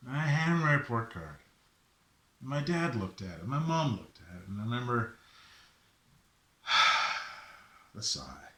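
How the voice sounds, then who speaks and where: A middle-aged man telling a personal story in an animated way, acting out the voices of himself and his father. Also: medium pitch, unhurried, pauses often. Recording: echoey room.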